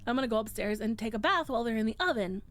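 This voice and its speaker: A woman's voice: fairly high pitch, animated, rapid-fire, fairly bright tone, voice pushed down. A woman playing a tipsy, foul-mouthed young woman. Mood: breezy. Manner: exasperated, swearing.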